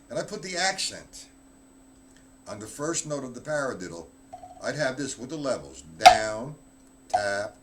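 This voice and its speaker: A man's voice: medium pitch, background noise. A man giving a live drum lesson, talking bluntly and offhand while he counts out stickings aloud. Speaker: drum teacher.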